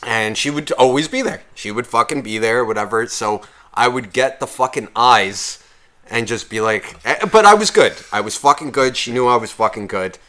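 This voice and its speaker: A man's voice: medium pitch, moderate pace. A man co-hosting a podcast, telling profane bar stories in casual chat and mocking people with put-on voices. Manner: profane, animated storytelling with mocking impressions. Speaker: podcast co-host, former bartender.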